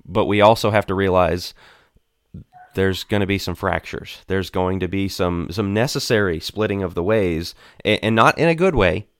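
Guy breaking down bible verses on a church podcast, kinda low voice, restarts a lot, dead dry sound. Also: normal speed, no room sound. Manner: earnest, frequent restarts, speeds up when explaining. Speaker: preacher on a church discussion panel. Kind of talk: conversational Bible discussion.

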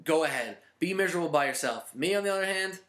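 Male podcast host, forceful bright tone, teasing and opinionated, roomy echo. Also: fairly high pitch, animated, quick pace. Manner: joking, emphatic, opinionated. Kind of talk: casual chat. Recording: echoey room.

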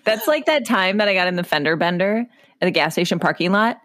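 Animated woman podcast co-host. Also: fairly low pitch, quick pace. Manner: animated, reacts, teasing. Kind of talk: casual chat.

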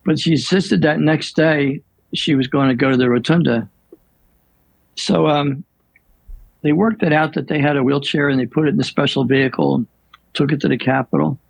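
An older man, a priest, telling stories in an unhurried, reflective way with many pauses and fillers. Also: fairly high pitch, creaky, husky, dry recording, rough recording. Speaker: priest guest. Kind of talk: storytelling in an interview.

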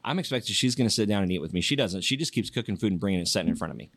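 A man's voice: fairly low pitch, very fast, no echo. A man who is a pastor, a guest from Yakima, telling stories in a casual podcast interview and laughing easily. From Yakima, Washington. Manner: animated storyteller, laughs easily.

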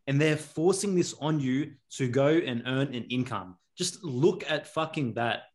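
A man's voice: mid-range voice, unhurried. A man co-hosting a podcast who talks in a laid-back, casual way and swears now and then. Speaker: podcast co-host.

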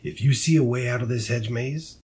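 A man's voice: medium pitch, fairly quick, darkish tone, a little hiss or hum, close to an everyday voice. A man voicing a firm, protective adventurer in a tabletop game, giving blunt instructions. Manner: firm, coaxing.

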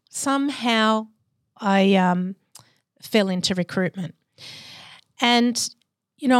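A woman in her forties, a podcast guest telling her life story in a candid, reflective, measured way. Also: mid-range voice, no echo, studio quality.

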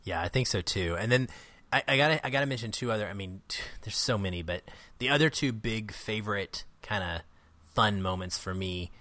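A man's voice: on the low side, dry recording. A man co-hosting a film podcast, chatting casually and animatedly, laughing often and mimicking characters' lines. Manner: animated, laughing, doing quick impressions of characters. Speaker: podcast co-host.

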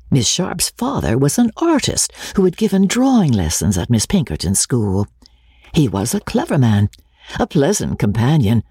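A woman narrates a classic novel with a low, husky voice. Her delivery is dramatic and swoops widely in pitch. It is recorded close and dry. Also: a little mellow, no room sound. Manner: dramatic, wide-ranging delivery. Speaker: audiobook reader. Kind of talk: expressive literary narration.

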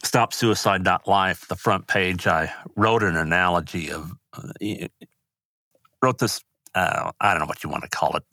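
An older man talks as an interview guest, his voice low and recorded dry and close. He speaks haltingly, with grief under the surface. When anger comes up, his voice rises sharply. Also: pushed and bright, no room sound. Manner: halting, grief-stricken, voice rising when angry. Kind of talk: emotional interview talk.

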